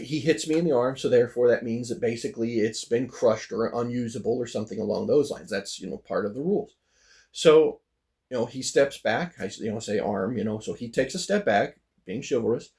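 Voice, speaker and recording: A man's voice: mid-range voice, animated, normal speed, vocal fry, a little mellow. A man telling a personal story in a casual vlog, rambling with lots of "you know" and "like" and voice jumps up when he gets worked up. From United States. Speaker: vlogger.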